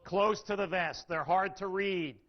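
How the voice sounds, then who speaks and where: A man's voice: sits high, measured pace. A man giving a live sales training lecture, asking his audience questions and changing his emphasis and pace. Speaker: seminar speaker. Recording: dull lo-fi recording.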